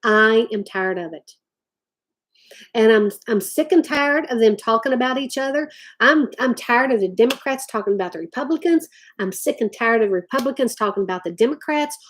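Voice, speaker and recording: A woman's voice: a little high, lively intonation, normal speed. A woman ranting to her viewers. She talks emphatically and drawls "y'all" often. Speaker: vlogger talking to live chat. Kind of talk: impassioned rant to viewers.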